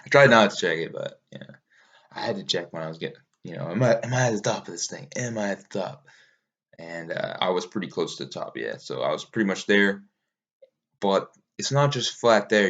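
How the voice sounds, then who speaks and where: A man casually recapping a long mountain race, rambling, swearing easily and laughing at himself. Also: deep voice. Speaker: ultramarathon runner recounting a race.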